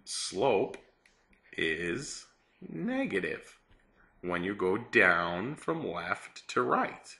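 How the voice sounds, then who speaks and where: A low-pitched man with a very bright, forceful voice teaches a math lesson. He talks in a chatty, playful way and acts out a little story to make the idea stick. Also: sing-song, extremely slow, vocal fry.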